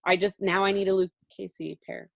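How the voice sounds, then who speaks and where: A woman's voice: medium pitch, flat delivery, moderate pace, gravelly. A young woman co-hosting a podcast, chatty and playful, giggling between remarks. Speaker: podcast co-host. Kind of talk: casual chat.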